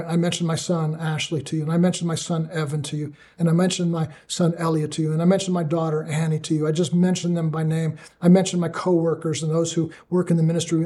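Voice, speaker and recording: A man's voice: fairly high pitch, warm tone. A middle-aged male pastor teaching on prayer and leading a fervent closing prayer in a repetitive cadence.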